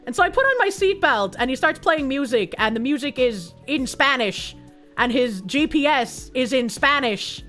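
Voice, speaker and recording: A woman streamer chatting casually on a livestream, reading posts aloud and telling an animated story in which she acts out both sides. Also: high voice, moderate pace, faint music behind.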